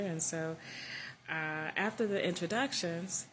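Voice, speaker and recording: A woman's voice: fairly low pitch, fairly quick, slight background noise. A woman telling her own written story in a casual, chatty way, with loose asides.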